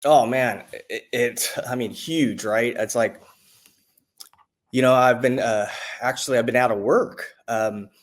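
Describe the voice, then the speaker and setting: Rambling, excitable veteran man. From United States. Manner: rambling and halting, with frequent restarts and fillers; excitable, pitch jumping up when retelling quotes. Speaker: military veteran client giving a testimonial. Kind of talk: casual spoken testimonial.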